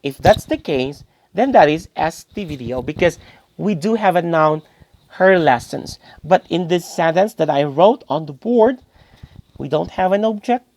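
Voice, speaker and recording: With lively intonation and a normal speed, a man teaches English grammar, posing questions and then supplying the answers. His voice is fairly high but darkish in tone, and he keeps addressing everyone as "guys" while repeating key phrases.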